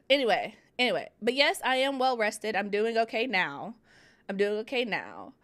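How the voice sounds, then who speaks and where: Woman host, fairly high voice, chatty livestream storyteller reading chat at her desk. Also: unhurried. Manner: chatty, animated storytelling, reads chat aloud. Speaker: livestream host of writing sprints.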